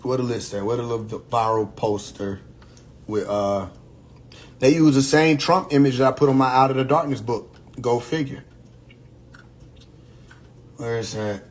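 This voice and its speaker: Male livestream host, rambling and profane, mid pitch. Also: slight background noise. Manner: loose, rambling, profane, with quick asides and laughs. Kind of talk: casual livestream talk.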